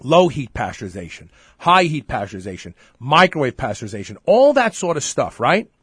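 Male podcast host, lively pitch, slightly husky, dry close sound, opinionated casual talk. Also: a little fast, dry recording. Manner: animated, opinionated, repeats words when starting. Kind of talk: casual chat.

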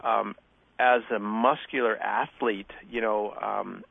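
A middle-aged man with a deeply gravelly, fry-heavy voice tells his stories casually and acts out each exchange he quotes. He comes through a tinny, dry phone line. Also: takes it slowly, dry recording. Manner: animated storyteller acting out quoted exchanges. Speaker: guest, former athlete. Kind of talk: casual interview storytelling. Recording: dry, phone-like narrow sound.

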